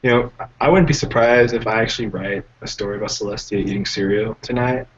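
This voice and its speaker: A young American man joking around excitably in a casual group voice chat. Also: fairly low pitch, fast. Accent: American English. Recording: dull lo-fi mic with clear hiss.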